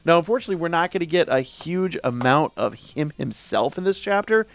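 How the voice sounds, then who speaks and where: A man hosting a casual manga reaction review, excitable, slangy and emphatic. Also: fairly high pitch, a little fast, vocal fry.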